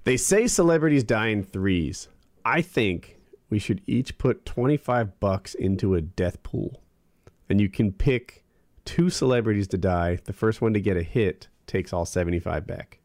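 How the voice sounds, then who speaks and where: A man co-hosting a podcast, explaining an idea in relaxed casual chat. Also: fairly low pitch, normal speed, no room sound, clean studio sound. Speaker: podcast co-host.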